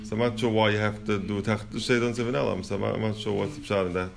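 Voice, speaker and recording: A man's voice: lowish voice, steady tone, very fast, gravelly, over music. A man teaching a Talmud study class, reasoning aloud and asking questions, mixing Hebrew and Yiddish terms into his English.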